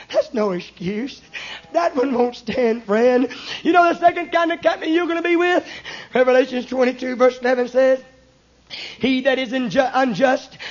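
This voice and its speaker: A man preaching a fiery hellfire sermon, calling listeners "friend" and rising into shouts. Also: extremely high pitch. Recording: dull lo-fi recording.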